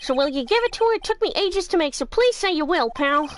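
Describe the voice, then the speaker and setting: A woman's voice: very high-pitched, animated, quick pace, a little hiss or hum, pitched above the performer's own voice. A woman voicing an earnest, friendly male detective who pleads for a favor. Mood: pleading.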